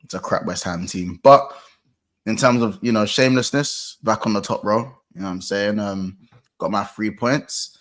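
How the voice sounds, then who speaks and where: A young man chatting casually about football on a podcast, laid-back and slangy, trailing off quietly. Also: on the low side, moderate pace. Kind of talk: casual chat.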